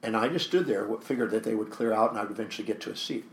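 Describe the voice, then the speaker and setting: A man's voice: on the low side, rapid-fire, echoey room. A man, a guest speaker and author, telling a story in an interview and acting out the dialogue with animation.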